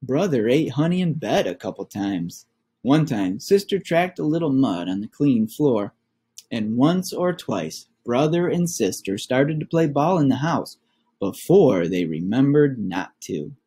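A man reading a children's book aloud, slowly and expressively. His mellow, slightly husky voice rises and falls with the story. He addresses the boys and girls listening. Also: mid-range voice, very animated.

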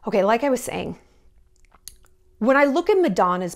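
A woman's voice: a little high, sing-song, normal speed, creaky, pauses often. Blunt, gossipy woman vlogger. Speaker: YouTube commentator. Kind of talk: casual commentary vlog.

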